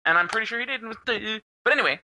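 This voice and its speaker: A young man co-hosting a podcast, telling a story in a casual, animated way with plenty of swearing. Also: sits high, quick pace. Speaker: podcast co-host. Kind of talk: casual chat.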